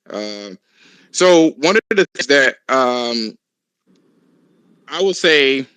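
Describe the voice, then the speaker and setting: A man hosting a casual podcast chat, talking in an animated, profane, ranting way. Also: mid-range voice, no room sound, poor audio.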